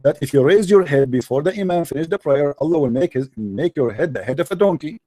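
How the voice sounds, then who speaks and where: A man's voice: fairly high pitch, expressive, quick pace, warm tone, no echo. A man hosting a heated debate, insistent and repeating himself as he talks over the other speaker. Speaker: show host debating a caller.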